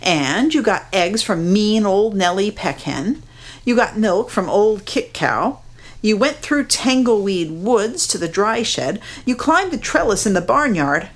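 Woman doing a croaky, soft-spoken storybook grandmother, calm, lilting. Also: mid-range voice, measured pace, voice pushed up. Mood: reassuring. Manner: soft, steady, gently encouraging. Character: elderly grandmother, calm, steady and reassuring. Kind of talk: storybook read-aloud.

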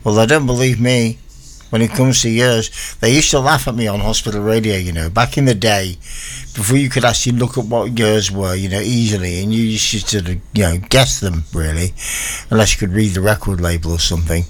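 A man's voice: on the low side, steady tone, a little fast. A man presenting a radio show, chatting casually between records in a rambling, self-mocking way.

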